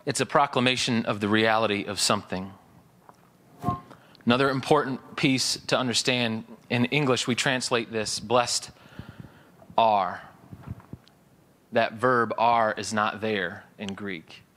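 A man's voice: fairly low pitch, steady tone, unhurried, pauses often, a bit bright, a little hiss or hum. A male pastor giving a sermon in a church, explaining scripture in a conversational teaching manner with casual asides.

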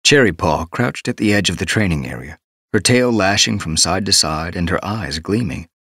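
Low male narrator, steady measured read, dead-dry booth. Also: no room sound. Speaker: audiobook narrator. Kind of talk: scripted narration.

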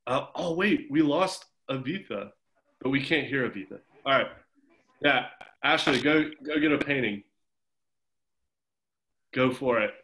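Young male coach, middle pitch, teasing and upbeat, heard over a video call. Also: lively intonation, unhurried, long pauses, sharp tone. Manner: encouraging, chatty, teasing. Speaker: swim coach. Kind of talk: casual group video call check-in.

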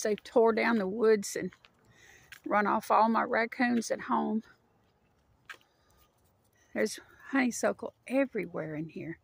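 A woman's voice: a little high, takes it slowly, creaky, long pauses, slightly rough, dry recording. A woman chatting casually as she walks her dog along a wooded park trail, a little out of breath. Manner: chatty, rambling, talks sweetly to her dog. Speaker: vlogger walking her dog. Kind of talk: casual walking narration.

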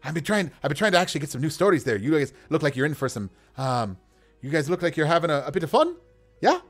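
A man's voice: sing-song, fast talker, soft background music. A man voicing a jittery male half-orc storyteller with a put-on Italian accent, stammering and pleading. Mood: eager. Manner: pleading, stammering, high and strained.

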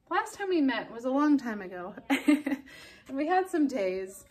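Woman teacher, recorded kids' math lesson, slow, gentle, playful delivery. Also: high-pitched, sing-song. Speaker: elementary school teacher.

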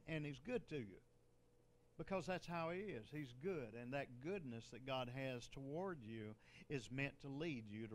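A man's voice: medium pitch, a little hiss or hum. An older man, a bishop, preaching a sermon in a conversational way, with joking asides and laughter.

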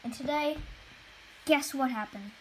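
A young female gaming vlogger tells a story in a casual, rambling way, sounding exasperated as she goes. Her voice sits a little high, with faint background noise in the recording. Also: a little slow, rough recording. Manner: chatty, rambling, exasperated retelling. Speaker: gaming channel host.

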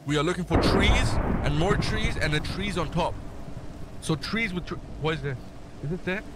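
Excitable young man gaming, noisy backdrop. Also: on the high side, moderate pace. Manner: excitable, joking, mock-translating foreign phrases. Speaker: gaming streamer. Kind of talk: casual gaming chat.

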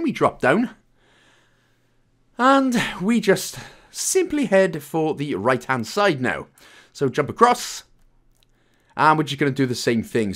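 Welsh-accented young man, game guide host, jokey and rambling, animated sing-song delivery. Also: mid-range voice. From Wales. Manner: chatty, jokey, loose with asides and fillers. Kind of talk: casual gameplay walkthrough commentary.

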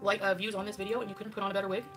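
A woman's voice: medium pitch, little pitch movement, very fast, music in the background. A woman in her thirties on a casual livestream, defensive and argumentative as she reacts to clips.

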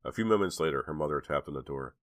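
A man narrating an audiobook in a measured storytelling manner. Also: a bass voice, animated. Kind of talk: scripted narration.

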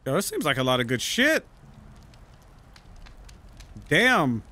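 A man giving casual gameplay commentary, trash-talking enemies loudly with plenty of profanity. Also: fairly high pitch, huge pitch swings, slow pace. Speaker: gaming YouTuber.

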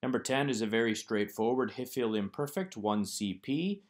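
In a recorded Hebrew grammar lesson, a man works through workbook exercises one at a time, explaining methodically. His mid-range voice is expressive, and he speaks at normal speed.

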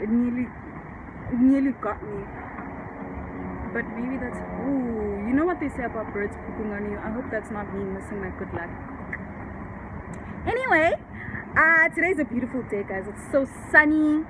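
A woman's voice: on the high side, moderate pace, pauses often. Chatty upbeat young woman vlogging outdoors. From South Africa. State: nose blocked with flu. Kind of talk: casual vlog talk to camera. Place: outdoors on a sunny cold day. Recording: outdoor noise behind.

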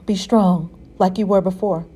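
A woman voicing a gentle mother who speaks softly and comfortingly. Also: mid-range voice, steady tone, moderate pace, breathy edge, natural voice. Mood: whispered. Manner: soft, comforting.

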